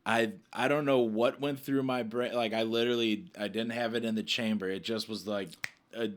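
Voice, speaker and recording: A young adult man co-hosting a podcast, chatting casually and telling rambling stories that he laughs loudly at. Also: medium pitch, steady tone, normal speed, slight background noise. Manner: rambling storyteller, laughs loudly at his own jokes. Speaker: podcast co-host. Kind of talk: casual chat.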